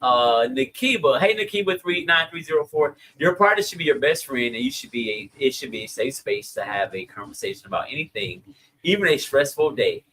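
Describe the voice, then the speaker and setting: A man with a Southern US accent hosting a podcast, chatting casually and reading listener comments with lively, slangy delivery. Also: mid-range voice, brisk, rough recording. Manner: animated, laughing, Southern slang. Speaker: podcast host.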